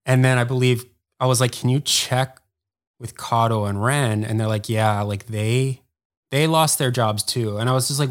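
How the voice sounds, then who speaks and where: A man's voice: mid-range voice, steady tone. A man speaking as a guest on a podcast, telling a long story in a rambling, casual way and filling it with "like". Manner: rambling, heavy use of "like", quick bursts. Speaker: podcast guest, former editor.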